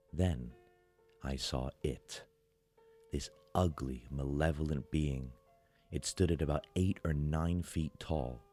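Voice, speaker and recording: Very deep, dark-voiced male horror narrator. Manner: slow, measured, dramatic pauses.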